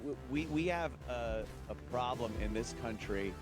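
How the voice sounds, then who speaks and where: A man's voice: medium pitch, normal speed, over loud music. A man hosting a casual talk show, blunt, crude and emphatic in his delivery. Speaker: podcast host. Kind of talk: casual chat.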